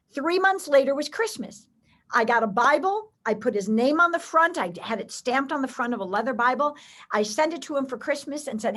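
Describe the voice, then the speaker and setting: A woman guest telling faith stories in an expressive way, acting out the voices of the people she quotes. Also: high-pitched, brisk. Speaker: guest storyteller. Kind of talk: animated faith storytelling.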